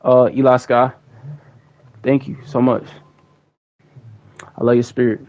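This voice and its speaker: A man's voice: mid-range voice, flat delivery, slow pace, a little mellow, low-quality recording. A young man hosting a livestream, chatting casually to his viewers in a rambling, slangy way, often repeating words. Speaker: livestream host.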